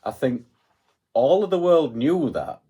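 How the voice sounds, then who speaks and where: A man's voice: fairly high pitch, lively intonation, measured pace, warm tone, slightly rough. A man co-hosting a podcast in casual chat, blunt and salty, often ending with tag questions. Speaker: podcast co-host.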